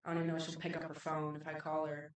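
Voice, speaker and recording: A woman with a fairly low voice tells a night-out story, swearing freely and acting out each exchange. The mic sits back from her, so the sound is distant and roomy. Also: racing. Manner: animated, profane, filler-heavy, acts out dialogue. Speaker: podcast guest, club promoter. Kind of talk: casual storytelling.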